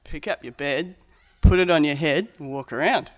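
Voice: mid-range voice, normal speed, natural voice. A breezy, offhand Jesus, told like a pub yarn, as a preacher acts him out. His casual manner keeps the miracle light.

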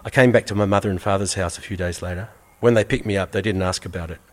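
A man reading a first-person story aloud in an earnest, measured way, repeating phrases for weight. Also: deep voice. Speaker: reader.

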